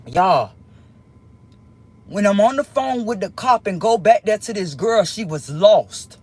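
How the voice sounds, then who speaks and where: A woman's voice: a little high, lively intonation, moderate pace, darkish tone, breathy edge. A woman talking straight to her viewers, telling a heated story with plenty of swearing and repeating lines for emphasis. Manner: swears freely. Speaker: vlogger.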